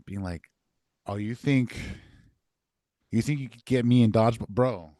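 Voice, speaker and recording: A man's voice: mid-range voice, unhurried, dark tone, no room sound. Laid-back man telling stories, dry sound. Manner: laid-back storytelling, heavy with filler words. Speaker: podcast co-host. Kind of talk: casual chat.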